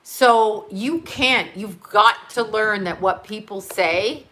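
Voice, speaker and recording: A woman's voice: medium pitch, slow pace, pushed and bright. A middle-aged woman hosting a casual livestream. She reads viewer comments and talks freely, swearing and laughing at her own jokes.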